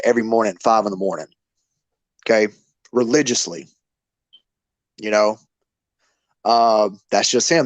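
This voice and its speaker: Grieving man, average pitch, casual and repetitive, voice cracking; dry close sound. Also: no room sound. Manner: emotional, repetitive, street-casual talk with "y'all". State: voice breaking with grief. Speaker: memorial speaker. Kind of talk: emotional spoken tribute.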